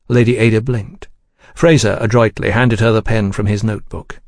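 A man reading a novel aloud in measured, even narration. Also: fairly low pitch, no echo, studio quality. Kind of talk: scripted audiobook narration.

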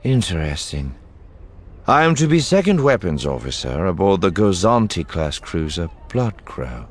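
A man voicing a calm, formal male alien naval officer in an audiobook, speaking in a measured, unhurried way. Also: sits low, heavily acted. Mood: composed. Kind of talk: audiobook character voice.

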